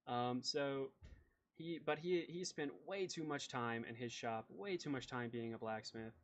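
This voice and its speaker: A man's voice: medium pitch, a little slow. A man narrating as game master in a loose, rambling way full of fillers.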